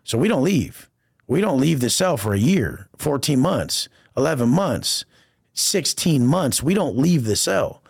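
Gravelly, profane man telling prison stories. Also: mid-range voice, measured pace, no echo, clean studio sound. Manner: profane, animated street slang, acts out quoted voices. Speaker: podcast guest. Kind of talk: casual storytelling interview.

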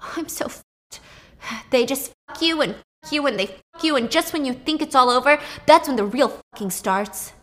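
A woman's voice: high voice, animated, fairly quick, hardly any pauses, a bit bright. A woman voicing a paranoid young rich man who swears and accuses in a hysterical rush. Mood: panicked.

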